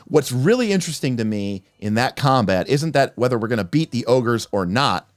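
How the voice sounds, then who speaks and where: A man hosting a livestream, talking about tabletop role-playing games as a game master and acting out players' lines in quick asides. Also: mid-range voice, lively intonation, dry recording, studio quality. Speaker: game master and podcast host.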